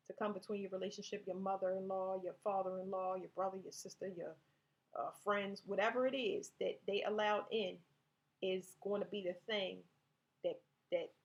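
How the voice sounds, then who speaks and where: A woman's voice: medium pitch, dull audio. A woman giving a casual tarot reading, talking straight to her viewers, reading card text aloud and often restarting her sentences. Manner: conversational, restarts often, speaks directly to viewers. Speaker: tarot reader.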